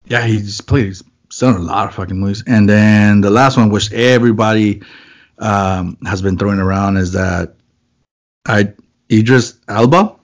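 A man's voice: on the low side, moderate pace. A man chatting casually as a podcast co-host, loose and rambling, swearing and joking. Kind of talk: casual chat.

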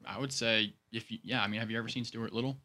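A man's voice: lowish voice, fairly even intonation, quick pace, sharp tone, dry recording. A man answering quiz questions as a guest on a casual podcast, joking and easygoing.

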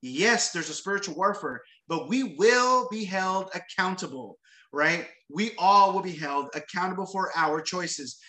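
A man's voice: high-pitched, lively intonation, unhurried, sharp tone. A man preaching a sermon after reading scripture aloud, talking conversationally, repeating words and often adding tag questions. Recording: roomy echo.

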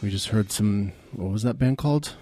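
A man's voice: fairly low pitch, moderate pace, dark tone, soft background music. A man co-hosting a radio show, trading wry, laid-back quips with his partner. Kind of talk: loose comedic radio banter.

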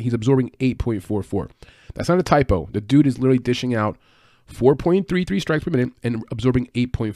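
Male podcast host, quick and chatty, dry close sound. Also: medium pitch, a little mellow, no echo. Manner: fast, chatty, with fillers and self-corrections. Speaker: MMA betting podcast host. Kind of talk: casual fight-pick analysis.

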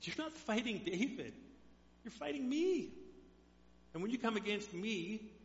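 A man's voice: sits high, big pitch swings, unhurried, pitched above the performer's own voice, heavily acted. A man voicing God in a sermon retelling, speaking emphatically. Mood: stern. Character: God speaking firmly to a king. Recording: dull echoey hall.

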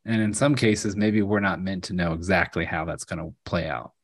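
A man co-hosting a faith podcast, chatting casually with frequent laughs and leading a halting spontaneous prayer. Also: sits low, dry recording, studio quality. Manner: relaxed, laughs often, halting restarts. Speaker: podcast co-host.

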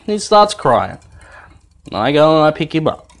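A young man tells a family tale while cooking at home, his voice swooping widely through its range. He laughs often and swears freely in an easy, animated way. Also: fairly high pitch, normal speed, a little hiss or hum. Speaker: dad telling a family story. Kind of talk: animated casual storytelling.

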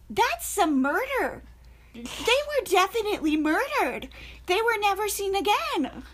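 A woman's voice: very high voice, big pitch swings, a little slow, a bit bright. A woman co-hosting a podcast in casual chat, telling stories animatedly and laughing often. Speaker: podcast co-host.

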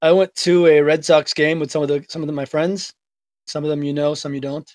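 A man's voice: a little high, flat delivery, fairly quick, darkish tone, no echo. A man with a Boston accent from Revere, co-hosting a casual podcast chat and telling stories with some swearing. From Revere, Massachusetts. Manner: swears freely, tells stories. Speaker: podcast co-host.

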